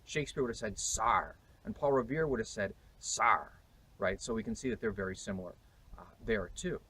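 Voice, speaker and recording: A man's voice: fairly low pitch, animated, quick pace, husky, rough recording. A man with an American accent, a historian explaining emphatically to camera on location outdoors. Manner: emphatic, explanatory, sometimes hesitant.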